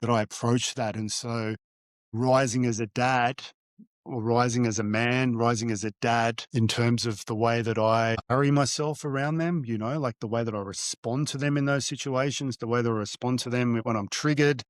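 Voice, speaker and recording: A man's voice: mid-range voice, fairly even intonation, dry recording. Reflective man, dry close sound. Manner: halting, with frequent fillers and restarts. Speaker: guest, divorced father. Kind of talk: reflective storytelling in an interview.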